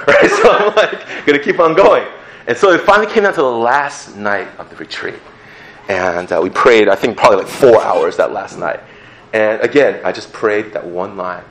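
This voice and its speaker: A young man giving a personal testimony, telling his story in an animated, laughing way that falls to a hushed voice for remembered prayers. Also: fairly low pitch, normal speed, echoey room, slight background noise.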